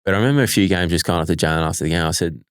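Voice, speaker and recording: A man's voice: low voice, rapid-fire, clear, resonant tone, no room sound, studio quality. A young Australian man, a professional punter, telling stories in an easygoing way as an interview guest. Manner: relaxed storytelling, easygoing. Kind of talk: casual interview chat.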